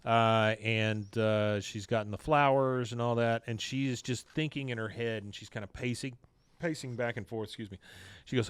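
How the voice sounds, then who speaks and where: A man's voice: mid-range voice, fairly even intonation, moderate pace, clean tone, no echo. A man hosting a podcast, recapping a cartoon episode in a casual, rambling way with lots of fillers. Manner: rambling, with many filler uh's. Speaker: podcast host.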